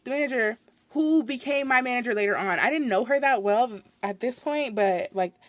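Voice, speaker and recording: Young female host, lively storyteller, higher voice, dry and close. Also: moderate pace, no echo. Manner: animated, exasperated retelling with laughs. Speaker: podcast host. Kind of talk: casual storytelling.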